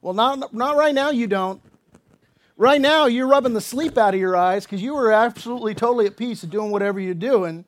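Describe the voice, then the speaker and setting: A man's voice: very high voice, a little fast. A man preaching a sermon as pastor, explaining scripture in a casual, conversational way with humorous asides and acted-out dialogue. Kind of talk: expository sermon.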